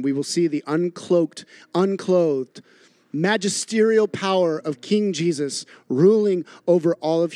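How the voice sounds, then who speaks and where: High-voiced preacher telling a story. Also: male voice. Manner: animated storytelling, repeats phrases for emphasis. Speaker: pastor. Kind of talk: sermon.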